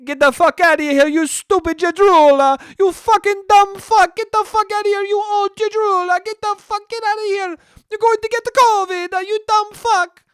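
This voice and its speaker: A man voicing an angry, crude hospital staffer who shouts insults. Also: very high voice, steady tone, moderate pace, no echo, studio quality, pitched above the performer's own voice. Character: furious male hospital staffer, crude and yelling.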